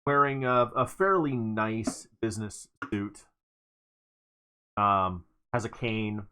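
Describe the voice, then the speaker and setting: A man narrating a tabletop game as its game master. He talks slowly and haltingly, stopping for ums and restarting his words. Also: on the low side, sharp tone, clean tone.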